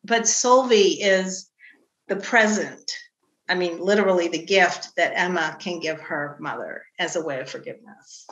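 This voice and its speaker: A middle-aged woman novelist chats about her book in a bright, clear voice. She tells family stories with lively quoted voices. The sound is roomy and echoey, as from a video call. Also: lowish voice, moderate pace, lo-fi sound. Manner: animated storytelling, acts out quoted family voices. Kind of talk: casual book discussion.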